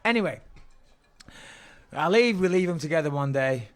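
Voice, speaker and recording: Man, high-pitched voice, animated, swearing, comic podcast storytelling. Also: normal speed. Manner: animated, swears freely, acts out quotes. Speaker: podcast guest.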